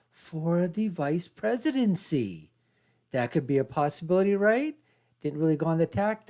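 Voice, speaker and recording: A man's voice: sits high, a little mellow. Male reaction host, casual, laughs a lot, teasing asides. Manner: chatty, laughs often, mocking asides.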